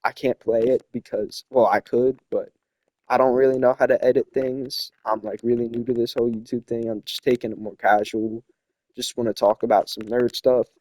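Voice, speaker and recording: Young man, casual opinion chat, rambling, filler-heavy, mid pitch, dry close mic. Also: flat delivery, normal speed, a little mellow, dry recording. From not from South America. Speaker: host.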